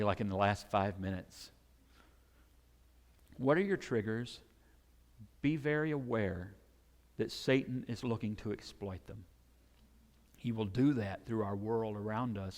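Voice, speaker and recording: A man preaching a sermon, animated and conversational, sometimes acting out the shouting crowds he describes. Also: on the low side, moderate pace, long pauses. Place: church sanctuary. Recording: long hall reverb.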